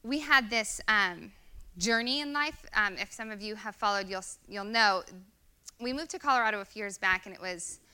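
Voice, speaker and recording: A woman's voice: medium pitch, normal speed, pushed and bright, smooth. A woman in her thirties giving an earnest, conversational sermon with many fillers. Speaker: guest speaker.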